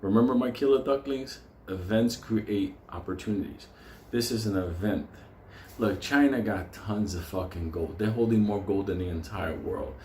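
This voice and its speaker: A man with a fairly low, slightly mellow voice speaks at normal speed while hosting a stock market show. He breaks into laughter during his fired-up, profane, unscripted rant, and the recording carries a roomy echo with faint noise.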